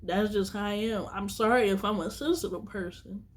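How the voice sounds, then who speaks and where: A woman's voice: medium pitch, normal speed. A woman vlogger talking straight to her viewers in a casual monologue, earnest and teary, repeating herself for emphasis.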